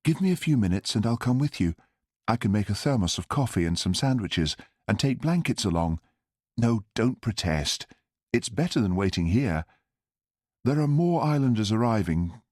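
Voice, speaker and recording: A man voicing a brisk, kindly woman guest at a hotel in an audiobook. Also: medium pitch, big pitch swings, darkish tone, no echo, clean studio sound, voice pushed up. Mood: gentle.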